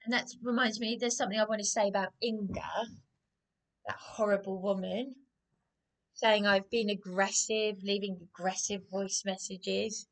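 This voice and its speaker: On her channel, a woman delivers a stumbling, repetitive rant aimed squarely at the people she's accusing. Her medium-pitched voice holds fairly even intonation at a moderate pace.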